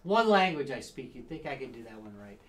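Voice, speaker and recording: A man's voice: medium pitch, very animated, fairly quick, a crowd in the background. A man co-hosting a casual podcast chat, jokey and rambling, often laughing. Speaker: podcast co-host.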